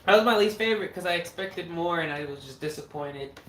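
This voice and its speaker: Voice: mid-range voice, a little fast, fairly bright tone, distant mic. A horror filmmaker hosting a casual livestream chat. The host rambles and swears freely. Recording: roomy echo, mic set back, faint noise.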